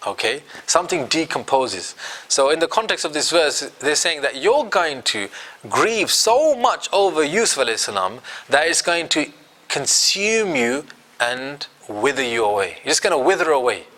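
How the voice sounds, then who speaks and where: A man's voice: on the high side, very animated, normal speed, sharp tone. A man teaching a Quran commentary class, quizzing his students and acting out quotes.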